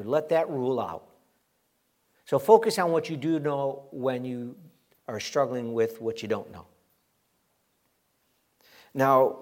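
A middle-aged man preaching a sermon as pastor, animated and emphatic, acting out quoted voices. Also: medium pitch.

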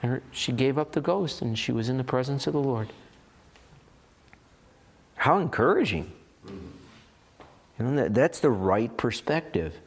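A man preaching a sermon as pastor, animated and expressive, voicing little asides and firing rhetorical questions. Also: mid-range voice, slightly rough.

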